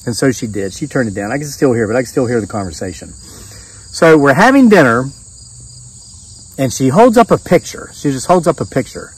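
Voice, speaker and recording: A man's voice: medium pitch, a little fast, husky, recorded from a distance, low-quality recording. Middle-aged man rambling through a story. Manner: rambling, animated retelling with restarts and quoted dialogue. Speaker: homesteading vlogger. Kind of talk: casual storytelling monologue. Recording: voice set back from the mic.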